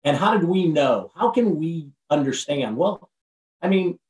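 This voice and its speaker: A man speaking as a podcast guest and motivational speaker in casual conversation, energetic and preachy, often repeating and restarting his phrases. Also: a little high, measured pace. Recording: roomy sound from far off the mic.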